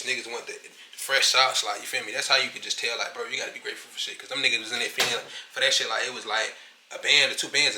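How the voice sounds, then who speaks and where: A young man from Virginia telling a story to camera in casual, profane slang, animated and talking in quick bursts. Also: medium pitch, reverberant, a little hiss or hum. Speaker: vlogger.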